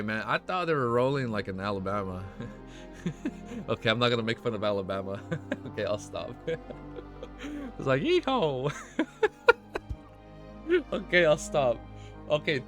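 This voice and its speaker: A man hosting a web novel reaction, reading chapters aloud and breaking off into excited asides and frequent laughter. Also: mid-range voice.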